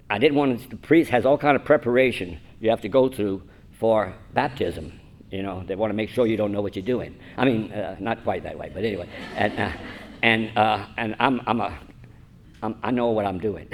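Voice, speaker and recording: A man in his seventies giving a rambling, self-mocking personal talk at a church conference, chuckling often. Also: on the low side. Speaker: conference speaker.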